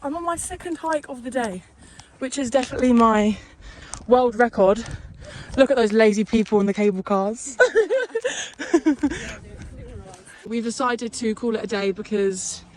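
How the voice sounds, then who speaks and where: A woman's voice: fairly high pitch, measured pace, long pauses, a little mellow, a little hiss or hum. A young British woman vlogging on her travels in a chatty, rambling way, swearing freely and laughing often. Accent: British English. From Britain. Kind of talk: casual chatty travel vlog. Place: outdoors while travelling.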